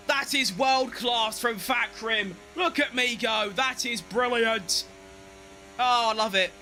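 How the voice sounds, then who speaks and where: Excitable high-voiced man gaming. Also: takes it slowly, soft background music. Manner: excitable, talks to himself, self-mocking. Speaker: gaming streamer. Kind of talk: live racing-game commentary.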